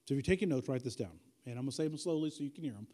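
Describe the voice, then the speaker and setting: A man's voice: medium pitch, lively intonation, very fast, dark tone. A man preaching a sermon as pastor, dynamic and conversational, repeating key lines for emphasis with folksy asides.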